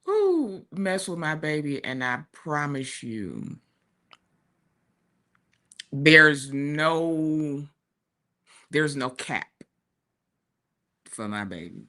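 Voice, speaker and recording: Woman talk show co-host, forties, slow chatty storyteller, bright voice. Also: sits low, big pitch swings. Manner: chatty, warm storytelling with laughs and asides. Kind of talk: casual chat. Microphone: streaming studio mic.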